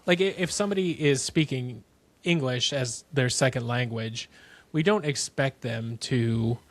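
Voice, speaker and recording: Male co-host, mid-pitched, easygoing and halting. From United States. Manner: halting, filler-heavy, easygoing. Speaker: podcast co-host. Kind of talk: casual chat.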